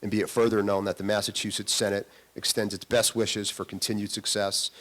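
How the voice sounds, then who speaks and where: A man reading aloud a formal state senate citation in a measured, official manner. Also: on the low side.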